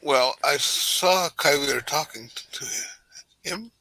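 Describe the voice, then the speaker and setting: Man doing cagey tabletop character, gravelly, dry sound. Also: a little high, slow pace, sharp tone, no room sound, exaggerated voice, low-quality recording. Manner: hesitant, hedging.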